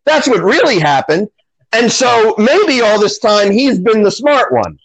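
A man's voice: high-pitched, sing-song, measured pace, poor audio. A man co-hosting a podcast in casual chat, sarcastic and self-deprecating, acting out what others said. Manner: sarcastic, self-deprecating, acts out quoted voices. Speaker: podcast co-host.

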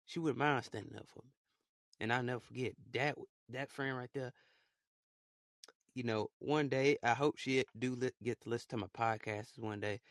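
A man's voice: mid-range voice, fairly bright tone, dry recording, studio quality. A young man hosting a casual solo podcast, talking in a rambling, repetitive, heartfelt way. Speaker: podcast host.

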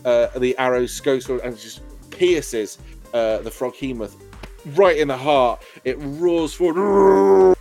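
A man's voice: mid-range voice, measured pace, darkish tone, faint music behind. A man narrating a tabletop game as game master, rambling and full of fillers.

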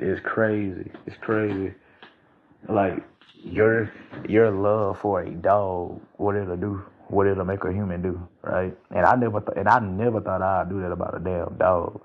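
Heated gravelly man with a tinny sound. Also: fairly low pitch. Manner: heated, profane, repetitive slang. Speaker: podcast host. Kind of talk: storytelling monologue.

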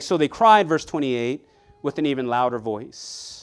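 Animated, clear-voiced male preacher. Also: medium pitch, a little slow. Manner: animated preaching with frequent repetitions and asides to the congregation. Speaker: pastor. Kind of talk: sermon.

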